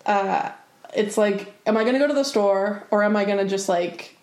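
A woman's voice: medium pitch, normal speed, darkish tone. A woman co-hosting a podcast in playful casual chat, laughing easily. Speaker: podcast co-host. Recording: echoey room.

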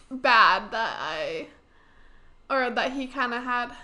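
A young woman, a guest on a podcast, chatting casually and answering with short, relaxed replies. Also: high voice. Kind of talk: casual chat.

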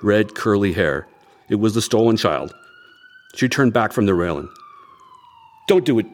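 A man's voice: on the low side, animated. A man narrating as a tense amateur detective. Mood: tense narration. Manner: storytelling, tense, measured. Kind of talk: audio drama narration.

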